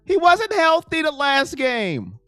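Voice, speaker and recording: High-voiced excitable man ranting about sports. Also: slow pace, no echo, clean studio sound. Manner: excitable, ranting, shouts then drops to a mumble. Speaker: live stream sports host. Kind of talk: casual live chat reading comments.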